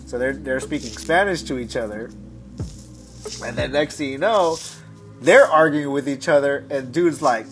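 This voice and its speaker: A man's voice: mid-range voice, moderate pace, soft background music. A man telling a story in a casual podcast chat, rambling and cursing with frequent restarts.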